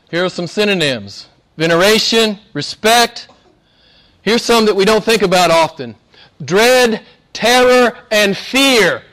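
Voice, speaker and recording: A man with a Southern American accent preaching a sermon with passion, swinging between loud emphasis and hushed asides. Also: high-pitched. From Southern United States. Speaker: pastor.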